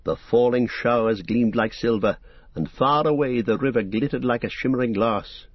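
A male narrator reads an audiobook in a measured, solemn storytelling voice. The recording sounds dull and lo-fi, with a dry, close sound and no room around it. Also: mid-range voice, breathy edge, no room sound.

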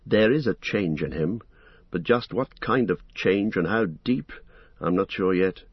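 A man reading the part of an earnest young male hobbit, gentle, thoughtful and resigned, on a dull lo-fi recording. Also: deep voice, expressive, measured pace, breathy edge, dry recording, heavily acted. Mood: calm.

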